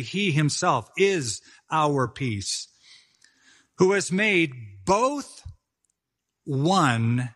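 Bright, emphatic male pastor preaching. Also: on the high side. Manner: emphatic, conversational preaching with asides. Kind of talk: sermon.

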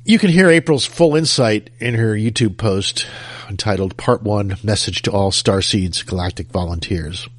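Man, low and husky, relaxed show host who chats and introduces segments. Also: normal speed, dry recording. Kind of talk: casual co-hosted show talk.

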